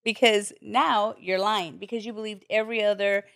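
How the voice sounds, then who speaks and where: A woman tells a personal story on a podcast, jumping into other people's voices as she quotes them and swearing as she goes. Her pitch sits in the middle, and the close mic leaves the sound dry. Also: moderate pace, creaky, no echo. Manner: animated, acts out quoted voices, swears freely. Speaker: podcast guest. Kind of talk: candid storytelling chat.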